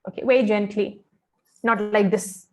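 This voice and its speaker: A woman's voice: mid-range voice, fairly even intonation, moderate pace, a little mellow, highs cut off. Woman coaching pageant contestants. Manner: instructive, friendly, frequent "okay" and fillers. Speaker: pageant fashion and grooming coach. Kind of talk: training session talk.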